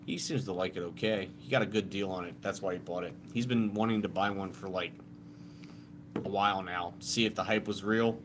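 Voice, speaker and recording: A man's voice: low-pitched, steady tone, fairly quick, noisy background. A man co-hosting a live stream in casual chat, laid-back and swearing freely.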